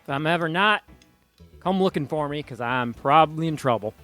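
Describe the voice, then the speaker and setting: A man voicing a gruff, pessimistic older male veteran pilot in a tabletop game, blunt and folksy in his speech. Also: on the high side, lively intonation, a little fast, sharp tone, faint music behind. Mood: grim.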